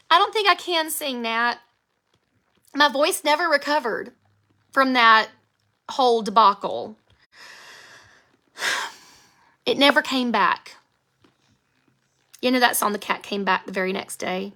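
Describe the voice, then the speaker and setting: Speaking slowly with frequent pauses, this woman has a fairly high, pushed, bright voice. She's an American author in her thirties on a phone live video, giggly and reading viewer comments aloud, her voice strained by a past vocal injury.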